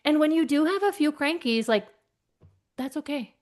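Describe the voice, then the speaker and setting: Lively woman telling workplace stories. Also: high-pitched, normal speed. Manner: lively, acts out voices in her anecdotes. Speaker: guest, keynote speaker. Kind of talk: animated storytelling in conversation.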